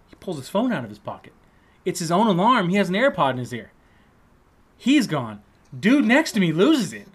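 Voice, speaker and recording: A man casually telling an animated, profanity-laced story in a relaxed chat, acting out what other people said. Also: on the high side, brisk, husky. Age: adult trade-school student.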